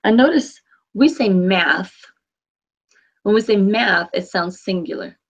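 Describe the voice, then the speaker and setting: A woman's voice: mid-range voice, lively intonation, slow pace, dull audio. A woman teaching a Spanish class online, patiently correcting her students by name. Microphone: computer mic on a video call.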